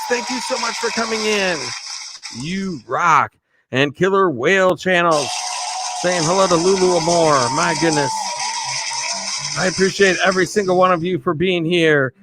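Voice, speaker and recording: Over a noisy background, a man with a high voice speaks at a moderate pace while hosting a live stream. He's upbeat and chatty, shouting out viewers by name and laughing a lot.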